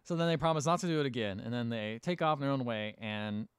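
A man's voice: mid-range voice, quick pace, clean tone, dry recording. A man casually retelling a film's plot on a podcast, rambling and swearing as he acts out the characters' lines. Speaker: podcast co-host. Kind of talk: casual movie recap chat.

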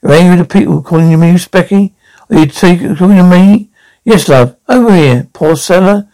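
A woman's voice: on the low side, moderate pace, warm tone, lightly acted, rough recording. A woman playing a cheeky, foul-mouthed elderly grandmother who mocks and nicknames everyone in a comedy sketch. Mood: mocking. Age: older. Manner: mocking, name-calling, interrupting.

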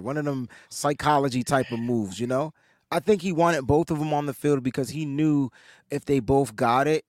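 A man's voice: mid-range voice, no echo. Co-host, man, mid voice, easygoing and laughing, dry close sound. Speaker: podcast co-host. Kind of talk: casual panel chat.

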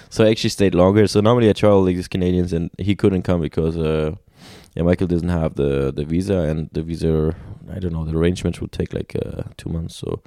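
A man's voice: deep voice, no echo, clean studio sound. A man telling travel stories in casual conversation, full of restarts, fillers and laughter. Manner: animated storyteller with many restarts and laughs.

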